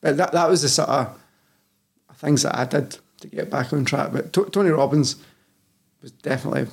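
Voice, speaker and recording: A man's voice: medium pitch, normal speed, vocal fry, breathy edge. A Scottish man in his thirties, a personal trainer talking candidly as a podcast guest, swearing freely and calling the host "mate" constantly. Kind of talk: casual podcast chat.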